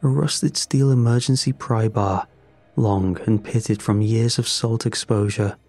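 A man narrating a first-person horror story in a measured, grim way. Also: lowish voice, fairly even intonation, a little mellow, dry recording, soft background music.

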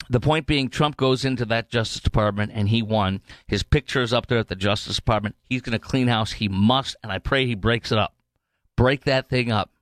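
A male talk show host rants in a heated, rambling monologue, stumbling through restarts and fillers. His voice sits at a middle pitch and is recorded close and dry. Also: fairly bright tone, clear, resonant tone, no echo.

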